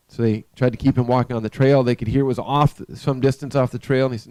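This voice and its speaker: Mellow-voiced man telling a story. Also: medium pitch, clear, resonant tone, dry recording, rough recording. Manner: unhurried, conversational, asks listeners questions. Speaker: live stream host. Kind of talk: spoken storytelling with a spiritual message.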